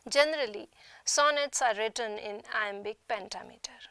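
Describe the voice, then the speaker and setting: A woman from India, an assistant professor of literature, giving a slow, carefully enunciated recorded lecture in a studio. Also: a little high, a bit bright, dry recording. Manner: slow, deliberate, clearly enunciated explanation.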